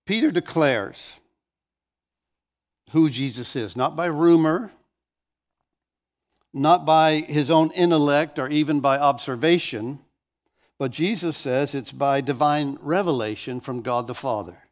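Animated preaching man, slightly high voice. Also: a little slow, long pauses. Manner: animated storytelling, restarts phrases. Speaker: pastor. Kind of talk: sermon.

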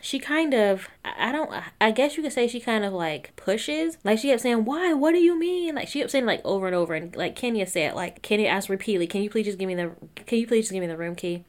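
A woman giving a casual, gossipy recap of a reality show, often quoting the cast in lively put-on voices. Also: mid-range voice, quick pace. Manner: chatty, gossipy, quotes the cast in animated voices.

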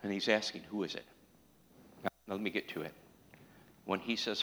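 A man preaching a sermon in a church, calling out questions to the congregation and building to an impassioned pitch. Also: moderate pace, long pauses, sharp tone, in a large hall, a little hiss or hum, poor audio.

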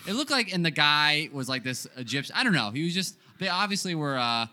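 Bright-voiced profane young man. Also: on the high side, brisk. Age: 20s. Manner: rambling, profane, deadpan. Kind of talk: casual comedic storytelling.

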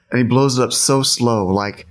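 A man casually telling a long anecdote, laughing often, repeating himself, and acting out what people said. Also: medium pitch.

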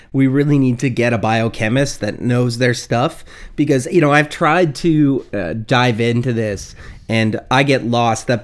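A man co-hosting a casual podcast, cracking playful jokes and riffing on his partner. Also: medium pitch. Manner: wisecracking, playful. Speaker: podcast co-host.

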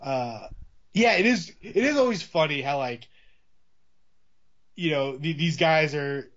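Guy rambling about a movie, kinda high voice, muffled lo-fi sound. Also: animated, takes it slowly, fairly bright tone. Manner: rambling, many restarts and fillers. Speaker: podcast co-host. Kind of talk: casual movie discussion. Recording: dull lo-fi audio.

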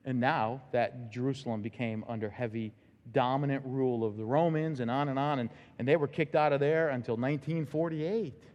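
A male pastor preaching a sermon in a church, emphatic, with sudden loud, high bursts. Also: a little fast, long reverb tail, highs cut off. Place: church sanctuary.

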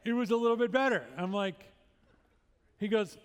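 A man's voice: sits high, normal speed, smooth. A middle-aged male pastor preaching a sermon, telling a story with humorous, self-deprecating asides. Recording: long hall reverb.

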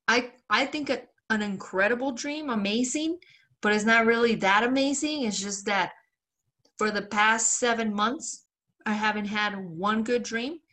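A young woman with a slightly high voice that sounds pushed and bright co-hosts a podcast. She rambles through stories in a casual chat, swearing and laughing often.

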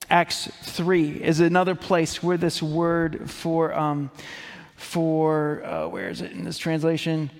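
Brief: male pastor, fairly high voice, earnest sermon delivery that swells to emphasis, long hall reverb. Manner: earnest, builds to emphatic peaks.

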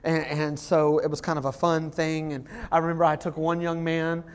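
A middle-aged male pastor preaching a sermon in a church service, telling stories with restarts and swinging between loud, excited bursts and quiet, earnest emphasis. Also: a little high, normal speed, clear, resonant tone.

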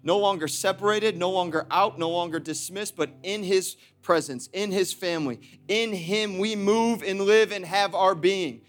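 High-voiced man preaching a lively sermon. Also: normal speed, few pauses. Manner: energetic, repetitive, laughs often. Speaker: pastor. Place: church auditorium.

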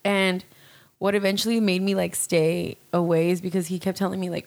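A young woman talks casually with a slightly low voice. She tells her story in a rambling, candid way, full of fillers and restarts. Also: flat delivery, brisk, creaky. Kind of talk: casual chat.

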